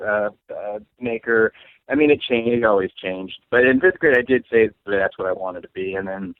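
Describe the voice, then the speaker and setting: Rambling comedian on a tinny phone-like line. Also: male voice, lowish voice, dry recording. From Saint Louis, USA. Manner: rambling, heavy on fillers, laughs often. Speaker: comedian guest. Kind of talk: casual comedic chat.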